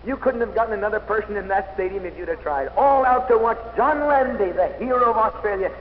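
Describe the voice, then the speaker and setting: Man, athlete, inspirational speech, dramatic storytelling, loud then hushed, slightly high voice, faint hiss. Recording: old dull recording in an echoey hall with faint noise.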